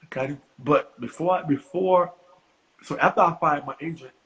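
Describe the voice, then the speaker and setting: A middle-aged man, a comedian guest on a podcast, telling a story in an animated, profane way and acting out other people's voices. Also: on the high side, moderate pace, rough recording.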